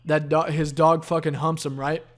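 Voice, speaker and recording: A man's voice: fairly high pitch, level tone, moderate pace. A tired, yawning man hosting a solo podcast, rambling in a laid-back, profane stream of consciousness. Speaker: podcast host.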